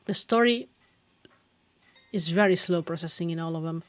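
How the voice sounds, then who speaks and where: A woman's voice: on the low side, moderate pace, pauses often. A woman streaming a story game live, reading the dialogue aloud and adding chatty asides. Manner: chatty asides between read lines.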